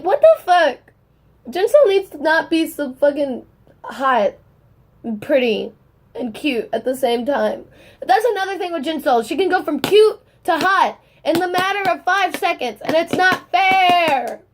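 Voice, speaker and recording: A young woman vlogging in casual chat, gushing and excitable, rambling and swearing as she talks. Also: sits high.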